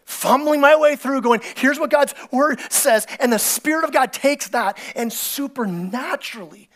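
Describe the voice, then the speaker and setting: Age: adult. Sex: male. Role: pastor. Style: sermon in a church, conversational and animated, acting out characters. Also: very high-pitched, moderate pace, hardly any pauses. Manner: animated storytelling, acting out biblical characters with excited voices; conversational, repeats words and restarts often. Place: church sanctuary.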